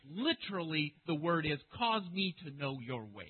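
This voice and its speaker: A man preaching a sermon as pastor, speaking emphatically and getting loud when he quotes scripture. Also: high-pitched, very animated, normal speed, slightly rough. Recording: narrow phone-like sound.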